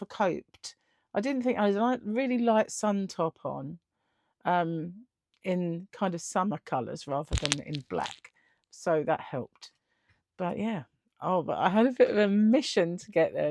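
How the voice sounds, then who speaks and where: A woman's voice: mid-range voice, darkish tone, no echo, studio quality. A middle-aged woman telling a story in a casual vlog, chatty and laughing often, acting out the other people in it. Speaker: vlogger.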